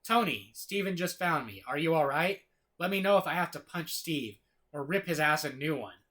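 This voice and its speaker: A man's voice: on the high side, animated, normal speed, bright, forceful tone, pitched above the performer's own voice. A man reading a brash, defensive adult male superhero's lines aloud in a slightly raised voice. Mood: indignant.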